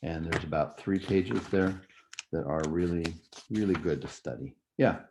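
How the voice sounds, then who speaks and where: A man's voice: deep voice, measured pace, background noise. A man teaching a music theory review lecture in a conversational, explanatory way, often checking in with "right?" and "okay?".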